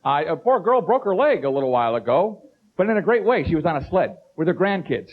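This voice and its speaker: A man doing stand-up comedy, animated, stammering through restarts and slipping into impressions. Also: fairly high pitch, fast talker. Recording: dull lo-fi tape with hiss.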